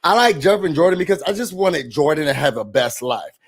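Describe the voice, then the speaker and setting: Man, sassy reality TV recapper, somewhat high voice, animated, casual. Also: a little fast, creaky. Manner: sassy, animated, quotes people in mocking voices.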